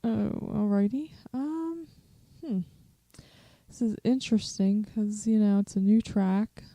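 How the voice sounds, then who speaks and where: A woman's voice: mid-range voice, takes it slowly, warm tone, dry recording. A woman co-hosting a podcast in casual chat, speaking hesitantly with many fillers. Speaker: podcast co-host.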